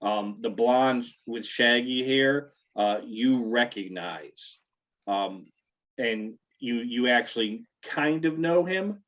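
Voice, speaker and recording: A man's voice: medium pitch, animated, slow pace, fairly bright tone. A man narrating a tabletop game as game master, loose and full of ums and restarts. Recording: dull lo-fi audio.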